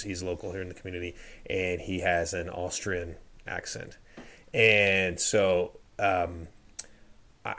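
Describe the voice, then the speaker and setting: Deep-voiced young man, hesitant. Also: a bit bright. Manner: hesitant, many fillers. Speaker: podcast co-host. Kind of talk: casual podcast chat.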